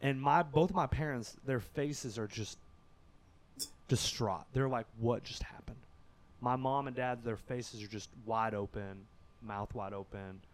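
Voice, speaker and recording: Unhurried, a man from Kentucky tells a story as a guest on a podcast, keeping it conversational. His volume lurches from loud outbursts to quiet, low stretches.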